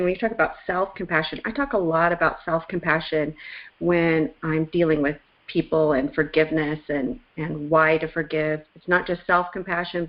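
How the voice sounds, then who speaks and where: Low-voiced woman hosting, earnest. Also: highs cut off. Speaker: reverend and interview host. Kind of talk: conversational interview.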